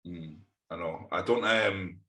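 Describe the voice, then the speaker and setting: Deep, bright-toned Scottish man in a roomy space. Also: takes it slowly. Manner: sweary, exasperated, rambling. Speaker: podcast co-host. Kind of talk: casual chat.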